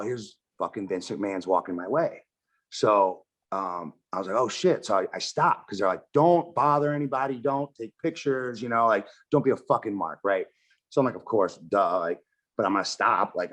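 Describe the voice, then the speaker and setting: Guy rambling through a wrestling story, cussing a lot, voices jumping around as he acts out quotes. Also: on the low side. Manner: animated, swears constantly, acts out quotes. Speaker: podcast guest, wrestler and filmmaker. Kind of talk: casual storytelling chat.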